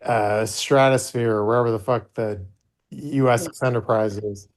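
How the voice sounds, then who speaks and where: A man hosting a casual podcast, talking in long, meandering stretches about gossip he has gathered. He swears freely and keeps a loose, offhand tone at an ordinary mid pitch. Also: steady tone, normal speed. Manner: rambling, profane, gossipy. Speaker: podcast host. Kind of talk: casual chat.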